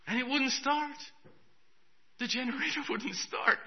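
A man preaching a sermon and telling a personal story, his voice swinging from hushed to loud, with chuckles along the way. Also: high-pitched, sing-song, a little slow. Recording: dull lo-fi recording.

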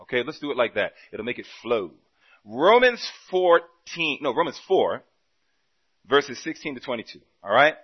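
A man preaching a sermon, telling a story with quoted dialogue and swinging between loud and soft passages. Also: medium pitch, very animated, normal speed, slightly rough, muffled recording.

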